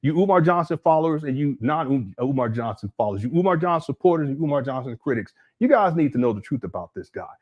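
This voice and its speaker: A man with a medium-pitched voice talks quickly with few pauses on a muffled recording. Streaming live from a desk mic at home, he addresses his chat with animated, incredulous, rambling commentary full of restarts.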